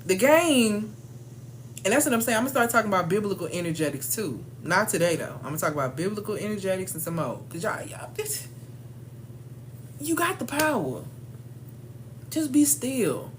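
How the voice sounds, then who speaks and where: A woman leads a casual motivational training, talking to her listeners in a slangy, emphatic way. Her voice sits at a middle pitch but swings widely up and down. A faint hum runs under the recording. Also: big pitch swings, moderate pace, long pauses. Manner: emphatic and slangy, calls listeners "y'all" and "baby". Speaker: leadership coach for women.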